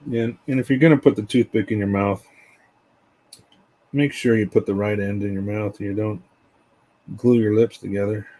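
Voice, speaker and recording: A man casually talking through a scale model build as he works, relaxed and rambling. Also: on the low side, normal speed, long pauses, rough recording. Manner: relaxed, rambling, tells stories while working.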